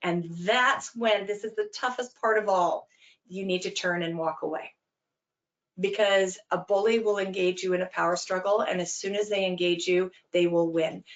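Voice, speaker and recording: A woman giving an earnest, emphatic webinar talk, explaining with quick examples over a video call. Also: on the low side. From Canada. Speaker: webinar speaker, anti-bullying program founder.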